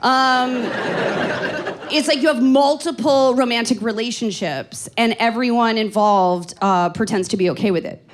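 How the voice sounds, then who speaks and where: A woman in her forties from Canada works a stand-up set into a handheld stage microphone, her voice sitting a touch high. She talks in a loose, rambling way, full of fillers and dry self-mocking asides. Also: moderate pace. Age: 40s. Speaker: stand-up comedian. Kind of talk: stand-up comedy.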